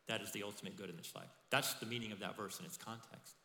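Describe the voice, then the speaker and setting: A middle-aged man preaching a sermon as pastor, animated and acting out quoted voices. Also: on the low side, fast. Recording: echoey church hall.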